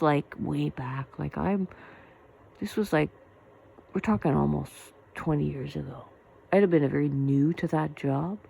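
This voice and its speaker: Gravelly, dark-voiced woman telling a story. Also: low-pitched, poor audio. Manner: blunt, profane, emotionally worked up. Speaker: vlogger. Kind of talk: candid personal storytelling.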